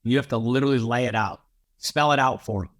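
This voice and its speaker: A man's voice: mid-range voice, quick pace, a bit bright. A man who is a podcast guest and real estate coach, talking in a punchy, repetitive way and laying out his points one by one. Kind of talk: emphatic coaching talk.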